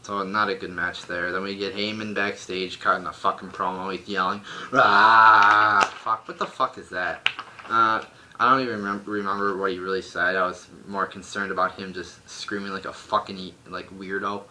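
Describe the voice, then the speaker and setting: A man's voice: sits low, fairly even intonation, moderate pace, background noise. A young man reviewing a wrestling show at home, ranting bluntly with a lot of swearing. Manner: profane, blunt, exasperated ranting. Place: home room.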